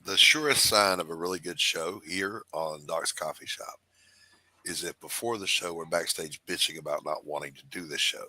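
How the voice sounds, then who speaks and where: A Southern American man hosts a loose, joking chat, his voice bright and forceful with a slightly low pitch. He teases his guests with wry, animated banter. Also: normal speed, dry recording, poor audio. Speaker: podcast host. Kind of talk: casual chat.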